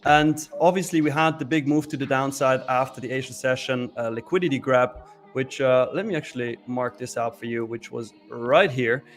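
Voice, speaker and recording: A man's voice: mid-range voice, fairly even intonation, normal speed. A man co-hosting a live trading stream, explaining his market setups step by step. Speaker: trading co-host.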